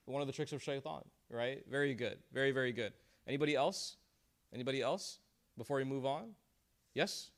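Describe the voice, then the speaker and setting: A man's voice: medium pitch, fairly even intonation, a little fast, a bit bright. A man teaching a class, leading a discussion in a joking, encouraging way and praising answers. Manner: joking, encouraging, uses Islamic phrases.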